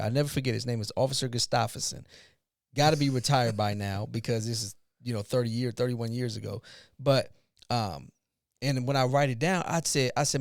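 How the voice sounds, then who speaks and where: A man's voice: mid-range voice, fast talker, gravelly, no echo. Guy in his 40s, podcast host, tells stories with lots of voices, dry close sound. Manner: animated retelling, acts out dialogue. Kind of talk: casual storytelling chat.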